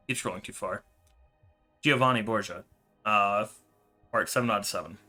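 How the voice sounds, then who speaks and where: A man's voice: fairly low pitch, normal speed, pauses often, faint music behind. A man streaming a game, reading in-game letters aloud in a dramatic voice that stumbles over words now and then. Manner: dramatic reading with sudden loud outbursts; slips and restarts while reading. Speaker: gaming streamer.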